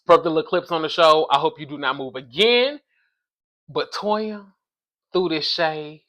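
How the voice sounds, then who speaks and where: Man, high voice, animated, sassy, casual chat. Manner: sassy, animated, calls listeners baby and y'all. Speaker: reality show reviewer.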